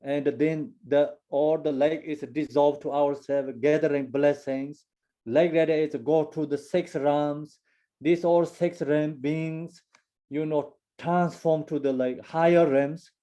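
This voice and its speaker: A man giving a Buddhist teaching in halting, broken English, full of fillers and restarts. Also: on the high side, fairly even intonation, dark tone, dull audio. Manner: second-language English with broken grammar. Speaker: dharma teacher.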